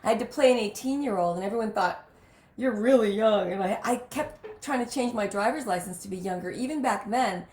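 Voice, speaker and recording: Casting note: woman podcast host, emphatic storyteller, mid pitch, roomy echo. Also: a little fast, darkish tone. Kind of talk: casual chat.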